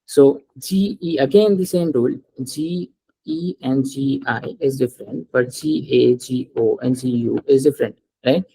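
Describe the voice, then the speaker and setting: A man's voice: medium pitch, unhurried, vocal fry, dark tone, breathy edge, poor audio. A man teaching French in a one-on-one lesson, patiently explaining rules step by step and asking his student to read aloud.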